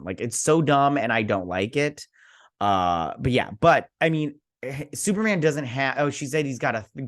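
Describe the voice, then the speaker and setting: A man's voice: medium pitch, measured pace. A young man casually recapping and reviewing a TV episode, rambling with many fillers and restarts. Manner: rambling with many fillers and restarts, paraphrasing characters in a flat aside. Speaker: TV review host.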